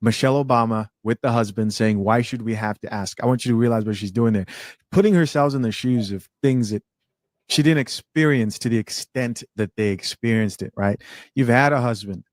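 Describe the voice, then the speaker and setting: A man's voice: mid-range voice, fairly quick, no echo, clean studio sound. A man giving commentary in a pointed, lecturing way.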